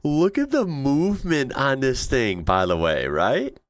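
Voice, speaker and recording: A man hosting a casual reaction video, excitable and slangy, laughing often as he comments on clips. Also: mid-range voice, a little slow, dry recording, clean studio sound.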